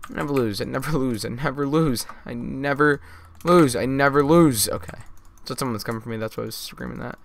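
A man giving jokey, mock-boastful live commentary while playing a game, with sudden loud outbursts. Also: mid-range voice, a little fast, creaky. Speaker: gaming YouTuber.

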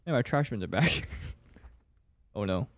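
A man's voice: on the low side, expressive, unhurried, no echo. A young man gives jumpy commentary while playing a horror game, talking to himself and swearing now and then. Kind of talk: gameplay commentary.

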